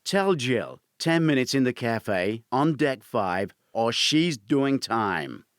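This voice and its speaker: A man voicing a grim, commanding male security chief who gives slow, firm orders. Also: mid-range voice, sing-song, no room sound, clean studio sound.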